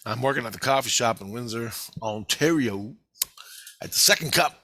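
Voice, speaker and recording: A man's voice: mid-range voice, lively intonation, normal speed, bright, forceful tone, dry recording. A man casually telling a personal story, rambling and swearing as he goes. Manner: rambling, profane, repeating phrases.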